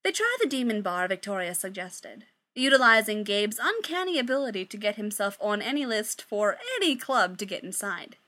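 Reading fan fiction out loud, this woman uses a mid-range voice with big swings in pitch, a normal pace, and almost no pauses. Her delivery is pushed and bright, casual in style, with curses and jokey interruptions along the way.

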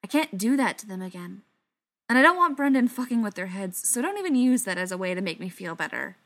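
A woman's voice: mid-range voice, big pitch swings, fast, fairly bright tone. Woman voicing an upset, pleading teenage boy. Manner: pleading, then snapping.

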